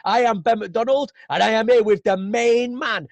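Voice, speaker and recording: A podcast host from Manchester, England, chats easily in a casual interview, laughing and using lots of fillers. His voice is extremely high and creaky, at a moderate pace, in a dry recording with the highs cut off.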